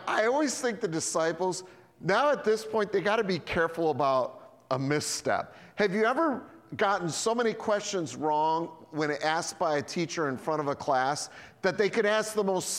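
High lively preacher guy acting out bible scenes, big echoey church. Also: normal speed. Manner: animated, acts out dialogue. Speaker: pastor. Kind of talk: sermon.

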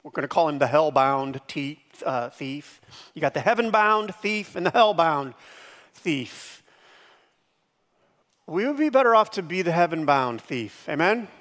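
A man preaching a sermon as pastor, lively, dropping to hushed tones and bursting into shouted impressions. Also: fairly high pitch, unhurried, in a large hall.

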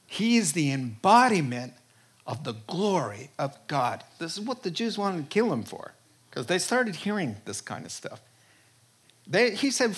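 A man preaching a sermon, emphatic and animated, laughing often and swinging between loud exclamations and near-whispers. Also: a little high, measured pace, breathy edge. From Jewish background. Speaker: pastor.

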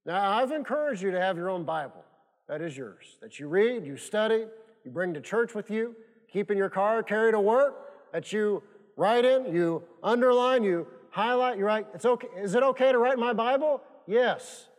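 A man preaching a sermon as pastor, with a measured, repetitive and emphatic delivery full of long pauses. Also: sits high, lively intonation. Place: church sanctuary. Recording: reverberant church hall.

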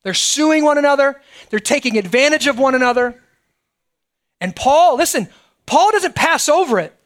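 Middle-aged male pastor, very high voice, chatty preaching with "right?" asides. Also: lively intonation, moderate pace, a bit bright. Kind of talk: sermon.

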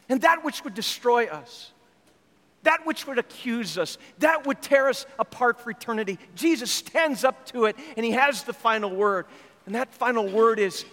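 A man preaching a sermon, telling an animated story and voicing its characters. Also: extremely high pitch, normal speed, in a large hall. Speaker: pastor.

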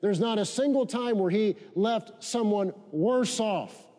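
A man's voice: sits high, animated, unhurried, mellow. A male pastor preaching a sermon, repeating key phrases for emphasis and leading his congregation in call-and-response. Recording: long reverb of a church hall.

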